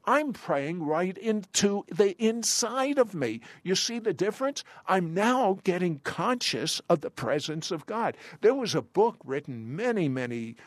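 A man preaching a sermon, quoting scripture with emphatic pauses and telling stories from his ministry. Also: high voice, sing-song, no room sound.

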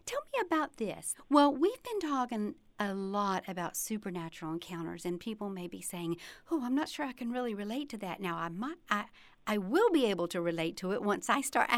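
A woman's voice: medium pitch, sing-song, normal speed, no echo. A woman hosting a talk show interview, asking friendly, prompting questions. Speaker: host interviewer.

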